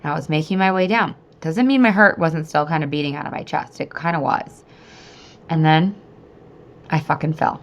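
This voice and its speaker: Low-pitched woman, podcast host, chatty, animated storytelling, full of asides to listeners. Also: moderate pace. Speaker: podcast host and weight-loss coach. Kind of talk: casual storytelling monologue.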